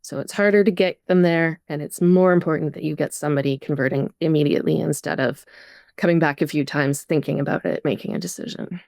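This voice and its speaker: A woman's voice: deep voice, fairly even intonation, fast, darkish tone, no echo, studio quality. A woman guest-hosting a podcast, affirming answers and posing questions to her guests. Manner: brief affirmations, clear question setups. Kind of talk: podcast interviewing.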